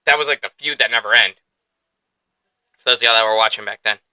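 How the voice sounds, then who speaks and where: A man talks through a casual podcast with excitable energy, cursing freely and laughing as he goes. His voice is very bright, smooth and clear. The sound is dry and close, with no room echo. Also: fairly low pitch, quick pace. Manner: excitable, profane, laughs often. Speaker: podcast host.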